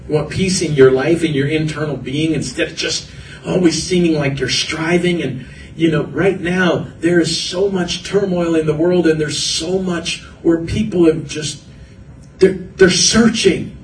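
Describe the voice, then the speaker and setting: A man's voice: on the high side, a little slow, echoey room, recorded from a distance, slight background noise, rough recording. A man preaching a sermon as pastor, earnest and building through repeated phrases. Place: church hall.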